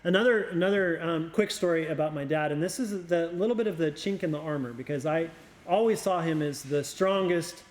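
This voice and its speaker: A middle-aged man from Oregon, a youth pastor, telling family stories in a casual conversation, reflective and a little halting, often repeating words. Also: a little high.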